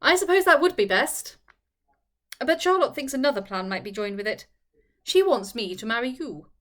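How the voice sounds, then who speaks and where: A woman voicing Bertie, a lackadaisical, good-natured young gentleman who speaks hesitantly. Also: sits high, expressive, normal speed. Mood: casual. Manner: lackadaisical, imploring.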